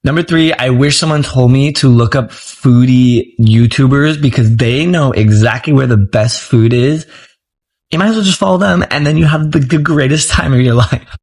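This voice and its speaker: A man from the United States counts off his travel tips in a casual, conversational vlog. His mid-pitched voice is relaxed and loose, with plenty of filler words. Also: moderate pace. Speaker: travel vlogger.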